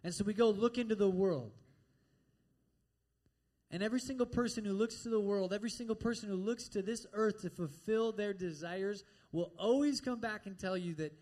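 A man with a high voice, pitched well above most men's and a little mellow, preaches a sermon in a church. He addresses the congregation directly and conversationally, often checking in with quick asides like "all right?".

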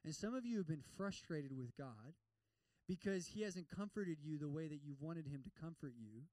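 A man preaching a sermon in an animated way, repeating words as he goes and acting out prayers. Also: on the high side, normal speed, no room sound, distant mic, poor audio. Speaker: pastor.

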